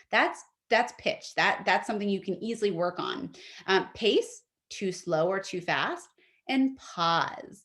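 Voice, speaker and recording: A woman teaching an etiquette workshop, giving lively, practical advice with quick fillers, speaking into a video call mic. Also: medium pitch. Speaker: etiquette instructor. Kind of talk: workshop presentation.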